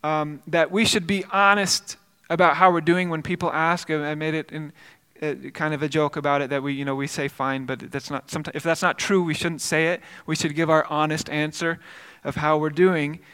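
Man preaching in a church, high bright voice, earnest storytelling, long hall reverb. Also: flat delivery, fairly quick, few pauses, smooth. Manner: earnest storytelling with repeated words and restarts. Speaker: pastor. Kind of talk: sermon.

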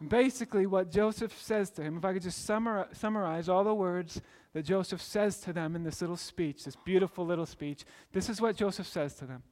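A man preaching a sermon in a high voice, bringing the story to life by acting out its characters. His words ring with the long reverb of a large hall. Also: fairly quick, hardly any pauses, darkish tone. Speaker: pastor.

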